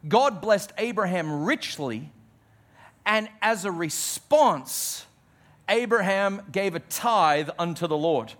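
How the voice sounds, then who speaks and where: A man delivers a sermon in a fairly high voice. He preaches at an unhurried pace and leans hard on key words, sinking his voice for emphasis. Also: lively intonation, fairly bright tone. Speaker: pastor.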